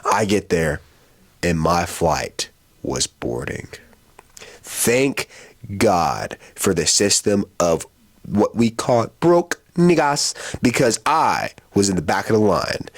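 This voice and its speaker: A man's voice: on the low side, big pitch swings, slow pace. Dramatic storytelling man from Texas. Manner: dramatic, acts out every voice in the story. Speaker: vlogger telling a travel story. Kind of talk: storytime monologue.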